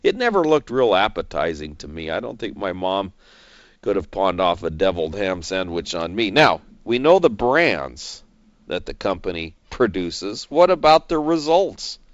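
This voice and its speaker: A man's voice: low-pitched, sing-song, normal speed, no room sound. A folksy male market commentator whose voice rises and falls a lot. He talks about investing in a chatty, joking way. The sound is dry and a little dull, like a lo-fi recording. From California, United States. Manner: folksy, chatty, jokes as he goes.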